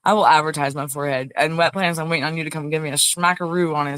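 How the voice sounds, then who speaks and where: A woman's voice: sits low, steady tone, quick pace, fairly bright tone, a little hiss or hum. A woman hosting a casual livestream, chatting in a rambling way and greeting viewers by name. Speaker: livestream host. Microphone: phone.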